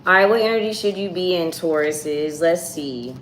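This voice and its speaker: A woman's voice: fairly low pitch, moderate pace. Blunt, chatty woman tarot reader. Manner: casual, blunt, chatty with viewers. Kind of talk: live tarot reading stream. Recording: echoey room with faint ambient noise.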